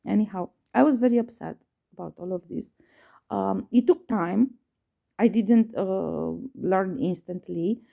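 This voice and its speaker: With a warm tone, some vocal fry, and a slightly slow pace at medium pitch, a woman vlogs about a personal experience to camera. Fillers and restarts break up her speech, and she hammers points home by repeating them, swearing once she's upset.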